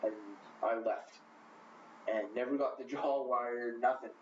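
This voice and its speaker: A man's voice: mid-range voice, steady tone, a little slow, slight background noise. A man telling his own story in an interview, blunt and profane, rambling with fillers. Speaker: interview guest. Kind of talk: candid personal storytelling. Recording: rough, quiet, muffled, echoey, from far off.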